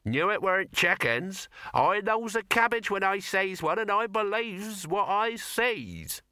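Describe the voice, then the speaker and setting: A stubborn old farmer, all blunt rustic dialect, as a male narrator puts him on. The voice sits high and slow against the reader's own, and the recording is close and dry. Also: expressive, sharp tone, smooth, no room sound, full character voice. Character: country farmer, older man, stubborn.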